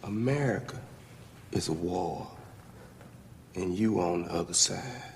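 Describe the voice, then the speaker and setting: An actor playing a defiant man on trial who confronts his own lawyer, speaking slowly and intensely in dramatic film dialogue. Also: fairly low pitch, gravelly, slight background noise, exaggerated voice. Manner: slow, intense, accusing. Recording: film audio with long reverb and faint ambience.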